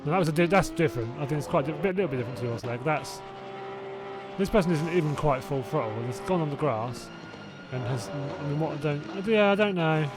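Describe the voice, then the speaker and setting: A man's voice: a little high, expressive, fairly quick, over music. A young man casually hosting a live sim racing watch-along, chatty and reacting aloud, laughing often. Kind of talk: casual live-stream chat.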